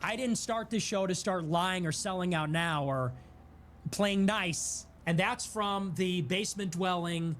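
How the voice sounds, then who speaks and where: A man's voice: sits high, a little slow, fairly bright tone, slight background noise. A man from Chicago hosting a political livestream, delivering an indignant, sarcastic monologue. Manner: indignant and sarcastic, rising to defiant outbursts.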